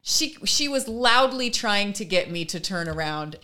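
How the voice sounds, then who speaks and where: A woman in her thirties co-hosts a podcast, telling a story in casual chat and animatedly acting out the voices of the people in it. Her voice is mid-range and a little slow.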